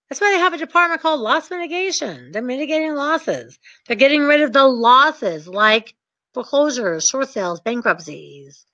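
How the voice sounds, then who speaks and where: A woman who invests in real estate, teaching short sales in a brisk, emphatic and confident way. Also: sits high, animated, bright, forceful tone, no room sound. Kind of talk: teaching talk with acted examples. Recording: dull lo-fi dry recording.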